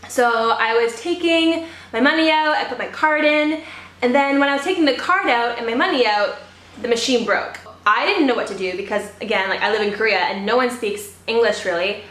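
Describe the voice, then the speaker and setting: Young female beauty vlogger from Canada, higher voice, casual storytelling, roomy sound. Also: brisk, fairly bright tone. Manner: chatty storytelling with lots of "like". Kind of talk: get-ready-with-me makeup chat.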